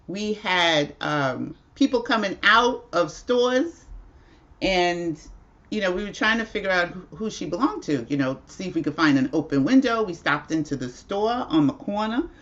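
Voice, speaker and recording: A woman's voice: lowish voice, animated, a little slow, fairly bright tone, dull audio. A woman hosting a casual livestream at home, telling a rambling story with frequent laughs. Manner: chatty, rambling, laughs often. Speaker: livestream host.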